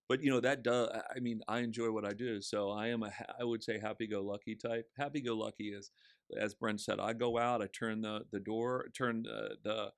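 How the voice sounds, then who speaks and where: A man's voice: on the low side, flat delivery, a little fast, dry recording. A man who is a real estate agent, chatting as a podcast guest and telling stories with quoted voices. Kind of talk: casual chat.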